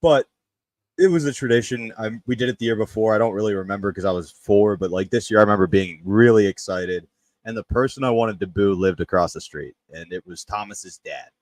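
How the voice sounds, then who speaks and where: A man from Memphis, co-hosting a podcast, telling a story in a casual, animated way and shouting when he quotes others. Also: lowish voice, brisk, no room sound, poor audio. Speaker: podcast co-host.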